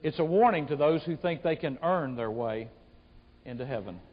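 A male pastor preaching an impassioned sermon, swinging between hushed and loud delivery. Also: on the high side, animated, normal speed. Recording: echoey hall, dull sound.

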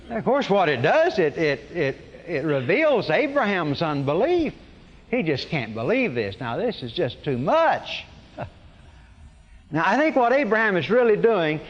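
A man's voice: high voice, dull audio. Man preaching in a reverberant hall. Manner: conversational storytelling with wry humor and frequent restarts. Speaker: pastor. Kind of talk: sermon.

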